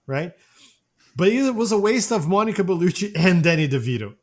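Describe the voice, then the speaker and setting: Lively man co-hosting a film podcast. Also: high voice, brisk. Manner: animated, trailing restarts. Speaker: podcast co-host. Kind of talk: casual film review chat.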